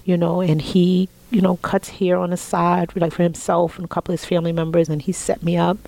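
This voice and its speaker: Woman in her forties, lowish voice, heartfelt storytelling, slips into soft whispers. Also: flat delivery, brisk, vocal fry, rough recording. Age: 40s. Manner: heartfelt, drops to soft whispers when quoting family. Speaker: interview guest. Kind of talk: emotional personal storytelling.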